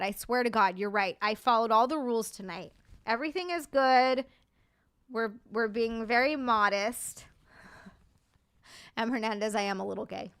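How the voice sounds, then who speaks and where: A young woman streamer with a high, bright voice, chatting casually with her viewers. She sounds giddy and effusive and thanks everyone warmly. Her voice is clear and ringing. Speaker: livestream host. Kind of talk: casual live stream chat.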